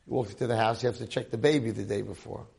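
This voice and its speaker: A man's voice: on the low side, rapid-fire, creaky. A man teaching a Torah class, telling a story animatedly and addressing his listeners. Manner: animated storyteller, talks to audience.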